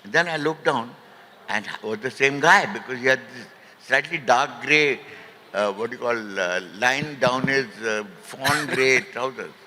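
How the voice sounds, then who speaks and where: Male raconteur, bright tense tone, booming hall reverb, brief for storyteller. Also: unhurried, a little hiss or hum. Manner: lively raconteur, acts out quoted voices, frequent fillers. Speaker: festival guest, ad filmmaker. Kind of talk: anecdotal storytelling on stage. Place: literary festival hall stage.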